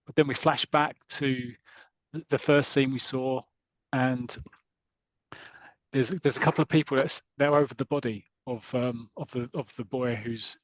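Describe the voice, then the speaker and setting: A man's voice: medium pitch, steady tone, unhurried, dry recording. A man hosting a comics podcast, retelling a story in a chatty way with frequent restarts and reading passages aloud. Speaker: podcast host.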